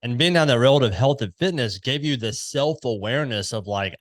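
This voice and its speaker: A podcast host who talks casually and circles around his point before he gets to his question. His voice sits in a middle pitch range. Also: expressive, brisk. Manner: rambling, thinking aloud while framing questions. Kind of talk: casual interview.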